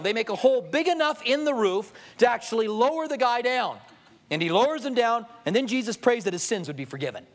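A male pastor preaching a sermon, telling humorous stories and acting out quotes. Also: very high-pitched. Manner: storytelling with jokes, lively acted-out quotes.

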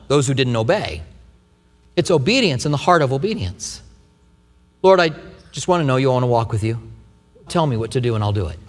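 A man delivers a sermon to a large church congregation with animated, expressive preaching. His voice sits somewhat high for a man, and long reverb from the hall trails after his words. He sometimes slips into the voices of doubters. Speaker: pastor.

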